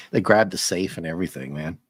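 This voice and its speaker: Husky, lively-voiced man chatting. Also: deep voice, normal speed, no room sound, studio quality. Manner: laughs often, animated and jokey. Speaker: comic book reviewer, co-host. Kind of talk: casual conversational chat.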